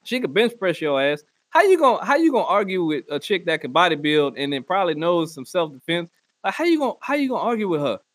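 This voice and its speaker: A man delivering a loud, profane comedic rant and often slipping into mock voices. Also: high voice, sing-song, fast talker, no room sound. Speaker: comedy podcast host. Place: Northwest Arkansas.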